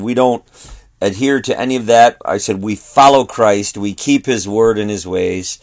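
Man retelling a talk with a customer. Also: fairly low pitch. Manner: retells a conversation, quoting both sides. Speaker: traveling street preacher. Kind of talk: storytelling.

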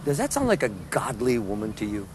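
A man's voice: fairly low pitch, huge pitch swings, a little fast, darkish tone, slight background noise. A man preaching fervently in the street to one listener, firing rhetorical questions and condemnations. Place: outdoors at a public event.

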